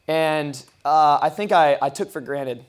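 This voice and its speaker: A young man, the groom, gives a rambling, heartfelt toast at his wedding reception, full of ums and restarts. He is choked up and keeps fighting back tears. His voice sits a little high for a man. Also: measured pace, clear, resonant tone. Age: young adult. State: tearful, choked up. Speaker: groom giving a wedding speech.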